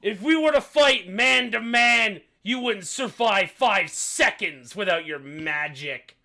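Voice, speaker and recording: A man voicing an angry, proud human king in a tabletop game, shouting accusations. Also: sits high, animated, takes it slowly, vocal fry, pitched above the performer's own voice, full character voice. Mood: furious.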